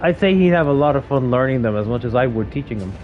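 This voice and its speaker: A man's voice: mid-range voice, lively intonation, fast, muffled recording, soft background music. Chatty Waterford Irishman streaming. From Ireland. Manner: chatty, amused, laughs often. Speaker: streamer and voice actor. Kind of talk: casual live-stream chat while gaming.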